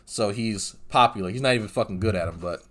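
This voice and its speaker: A man's voice: lowish voice, fast, fairly bright tone, slight background noise. A man narrating a commentary video in a sarcastic, mocking tone. He repeats words over and over for effect and drops profanity in his asides. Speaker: commentary YouTuber.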